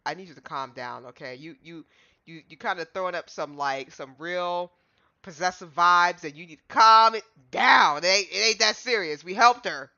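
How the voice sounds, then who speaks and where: A woman's voice: fairly low pitch, moderate pace, pushed and bright. A woman streaming a game, chatting casually and playfully, often repeating herself as she reacts and reads dialogue aloud. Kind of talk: casual gameplay commentary, reading dialogue aloud. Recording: muffled lo-fi with clear background noise.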